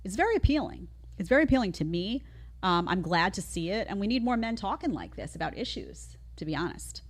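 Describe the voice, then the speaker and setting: A woman's voice: medium pitch, big pitch swings, fairly quick. A middle-aged woman hosting her own opinion show, talking in an emphatic way with lots of rhetorical questions. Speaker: show host. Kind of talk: opinion commentary.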